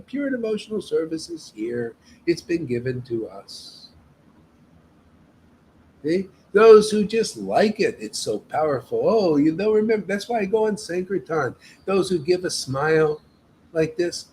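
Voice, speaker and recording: A man with a slightly high voice leads a devotional meetup, preaching emphatically and casually and often ending his sentences with "man." It's an informal devotional sermon, roughly recorded with a bit of background noise.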